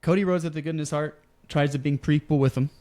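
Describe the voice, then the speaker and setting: A man's voice: on the high side, quick pace. Man casually telling a story. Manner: storytelling, relaxed, with fillers. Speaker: podcast host. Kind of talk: casual wrestling podcast chat.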